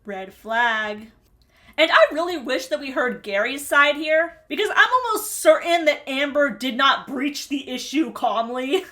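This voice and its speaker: A woman's voice: sits high, lively intonation, measured pace, bright, forceful tone. A woman hosting a reality TV recap in a casual commentary style, snarky and chatty, laughing often between remarks.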